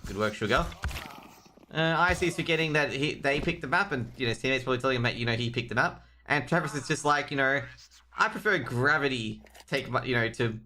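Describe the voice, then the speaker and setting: A man's voice: medium pitch, fast, pushed and bright, a little hiss or hum. An Australian man casting a live esports match, rambling and joking with the chat between rounds. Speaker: esports caster.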